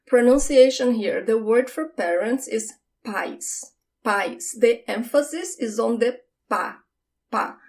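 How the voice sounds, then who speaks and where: A Brazilian woman with a Brazilian Portuguese accent, a native Portuguese speaker, teaching a scripted lesson and saying each word carefully and clearly. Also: fairly high pitch, darkish tone. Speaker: language teacher.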